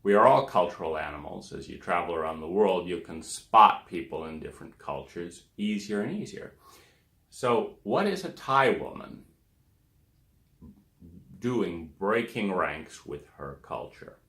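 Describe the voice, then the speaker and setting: A man's voice: low voice, animated, unhurried, fairly bright tone, echoey room. A man giving a rambling lecture, trailing off into fillers and "da, da, da.". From United States. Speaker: speaker on relationships.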